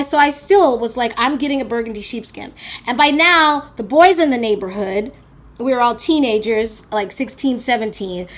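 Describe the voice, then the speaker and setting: A woman tells a personal story, blunt and animated, dropping curses and acting out what people said. Her pitch sits a little above the usual for a woman. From Queens, New York. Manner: animated, blunt, swears, acts out quotes.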